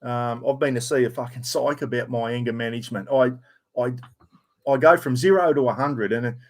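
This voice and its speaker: A man's voice: medium pitch, a little fast. A middle-aged Australian man telling a heated story to camera, blunt and full of swearing. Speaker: vlogger. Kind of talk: casual rant to camera.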